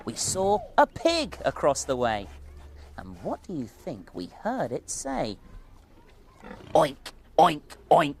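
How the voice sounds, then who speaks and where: A woman presenting a children's TV show, narrating in a gentle sing-song and praising the children by name. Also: sits low, slight background noise.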